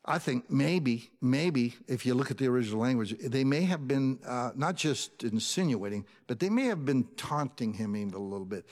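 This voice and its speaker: A man preaching a sermon, reading scripture and explaining it, dropping his voice low for asides and lifting it to quote. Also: lively intonation, moderate pace, hardly any pauses, a little mellow, big-room sound. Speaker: pastor.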